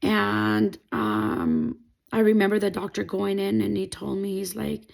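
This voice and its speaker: A young adult woman vlogger shares her personal faith testimony in a mid-range voice, speaking a little slowly with vocal fry. Emotional and earnest, she rambles and fills her speech with fillers.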